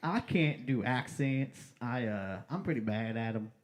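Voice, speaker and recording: A man co-hosting a livestream, bantering casually in a relaxed, sheepish way. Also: medium pitch, measured pace, slight background noise. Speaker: stream co-host.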